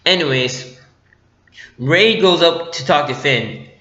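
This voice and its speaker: Guy rambling through a movie recap, bright voice, kinda high, roomy. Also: slow. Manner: rambling, lots of "like" fillers. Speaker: movie reviewer. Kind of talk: casual spoken movie review. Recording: echoey room, dull lo-fi mic.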